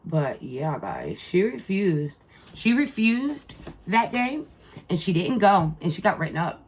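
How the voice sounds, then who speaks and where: Husky middle-aged mom, rambling heartfelt. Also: female voice, on the low side, very animated, slow pace. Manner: rambling and heartfelt, full of "like" and restarts. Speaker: mother and vlogger. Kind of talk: casual storytelling vlog.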